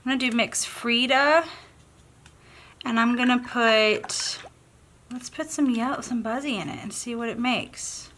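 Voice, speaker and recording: With a Southern accent, a woman hosts a painting tutorial, chatting casually and thinking aloud in a bubbly way as she works on crafts. Her voice is fairly high and a bit bright, with a measured pace. There's slight background noise.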